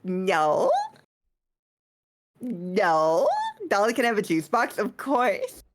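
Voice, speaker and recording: A woman's voice: mid-range voice, lively intonation, very slow. A woman streamer chatting casually on a live stream, teasing and bratty in a playful way.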